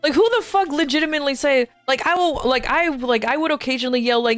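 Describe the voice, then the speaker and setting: A woman's voice: high-pitched, expressive, quick pace, few pauses, faint music behind. A young adult woman streaming games, chatting casually, swearing freely and laughing often. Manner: blunt, swears freely, laughs often, mocks others in put-on voices. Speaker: VTuber streamer. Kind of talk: casual gaming stream chat.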